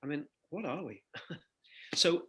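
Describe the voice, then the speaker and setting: An older man, a singer-songwriter guest in an interview, telling lively anecdotes and laughing between phrases. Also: on the high side, a little slow, husky. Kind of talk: conversational interview storytelling.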